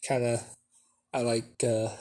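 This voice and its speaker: Man reading an earnest young ninja schoolboy, slow and stumbling. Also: mid-range voice, level tone, mellow, close to an everyday voice. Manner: halting, hesitant delivery.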